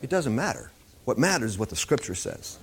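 A man's voice: mid-range voice, very animated, a little fast, breathy edge. A man preaching an informal Bible teaching in a conversational way, often repeating himself.

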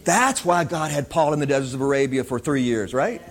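A man's voice: mid-range voice, animated, fairly quick, slight background noise. A man preaching an informal Bible teaching in a conversational way, often repeating himself.

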